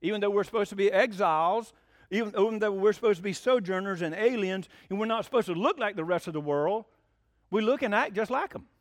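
Guy preaching, high voice, gets all fired up, folksy, lots of questions to the crowd, dry sound. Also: fast, no echo. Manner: excitable, rising to near-shouting, rhetorical questions; folksy, plain-spoken. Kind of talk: sermon.

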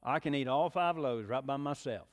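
A man's voice: moderate pace, natural voice. A man voicing a determined little red hen while reading a fable aloud. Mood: firm. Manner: storybook reading voice, raised pitch. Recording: long hall reverb.

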